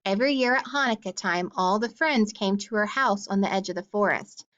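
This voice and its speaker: A woman's voice: medium pitch, brisk, a bit bright, dull audio. Woman reading a picture book aloud. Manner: adds simple explanations for young listeners. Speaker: storyteller.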